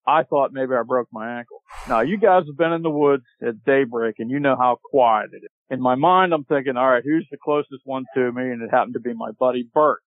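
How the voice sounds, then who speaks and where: A man telling a long hunting story as a podcast guest, animated and laughing as he goes. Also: medium pitch, fairly quick, few pauses, no echo. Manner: animated, laughs while telling, acts out shouted quotes. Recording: tinny dry phone-line audio.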